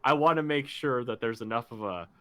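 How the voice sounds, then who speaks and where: A player explaining their character's moves in a drawn-out, giggly way. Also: mid-range voice, fairly bright tone. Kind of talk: casual tabletop game play.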